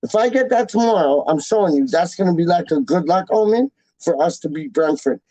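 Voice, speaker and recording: A man's voice: high voice, animated, brisk, warm tone, no room sound, poor audio. A man hosting a casual livestream, rambling in slang and repeating himself as he talks to his live chat. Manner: slangy and repetitive, calls people "dog" and "man". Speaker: fan channel livestream host.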